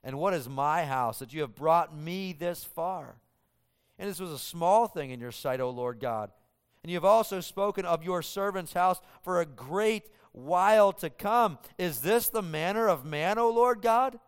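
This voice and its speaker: A man from the United States preaching a sermon, moving between loud emphatic lines and hushed ones. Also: sits high, unhurried, clean tone. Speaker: pastor. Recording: long hall reverb.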